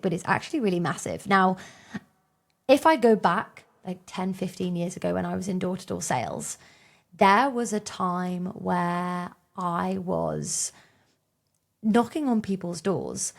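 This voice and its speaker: A woman's voice: fairly low pitch, gravelly. A woman in her thirties hosting her own podcast outdoors on a windy day, talking in a chatty, upbeat way with plenty of fillers. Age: 30s. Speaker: podcast host. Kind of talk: casual solo podcast talk.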